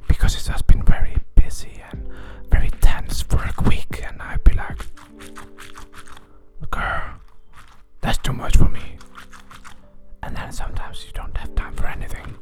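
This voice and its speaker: With long pauses and an unhurried delivery, this man hosts a podcast from outside, birdsong all around and music in the background. Holding the microphone at his mouth, he whispers a playful role-play, joking, giggling and mocking himself.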